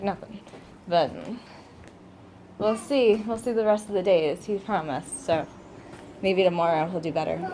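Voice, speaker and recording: A woman's voice: fairly low pitch, warm tone, a little hiss or hum. A woman who is a mother, talking casually at home in a vlog, venting and acting out people in her stories. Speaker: vlogger and mother. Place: at home, indoors.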